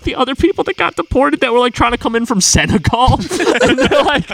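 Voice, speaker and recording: Lively high-voiced man rambling. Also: fairly quick, vocal fry, a little hiss or hum, poor audio. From United States. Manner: rambling, laughs mid-sentence, repeats words. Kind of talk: casual chat, telling a long anecdote.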